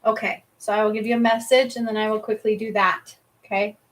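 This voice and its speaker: A woman's voice: mid-range voice, level tone, a little fast, a little hiss or hum, poor audio. A woman reading cards and giving healings on a casual livestream, chatty, laughing often and swearing casually. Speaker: psychic reader and energy healer.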